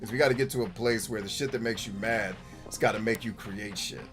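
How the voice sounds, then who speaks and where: Talking over music in a fairly low voice, a gaming host plays and comments casually, bluntly, and with plenty of swearing. Quick jokes and easy laughter keep cropping up.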